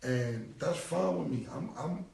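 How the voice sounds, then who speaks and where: A man's voice: on the high side, animated, measured pace, creaky, reverberant, distant mic, crowd noise. A man, talking bluntly and repetitively in a casual live-stream rant. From United States. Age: 40s. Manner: blunt, repetitive street talk. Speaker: rapper.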